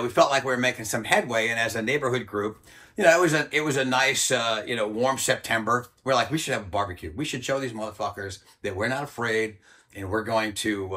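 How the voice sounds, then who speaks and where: A man's voice: mid-range voice, sharp tone. An older American man, a former soldier, telling a story in a blunt, profane, casual way and acting out the voices he quotes. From United States. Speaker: interview guest, former Army Ranger.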